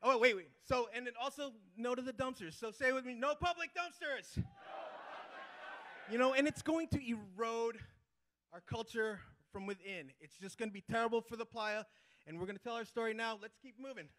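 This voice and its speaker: A man presents at a conference in a very high, bright voice. He rallies the crowd with chanted call-and-response and fires off quick asides. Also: a little hiss or hum. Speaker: playa restoration manager giving a conference talk. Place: conference hall before a live audience.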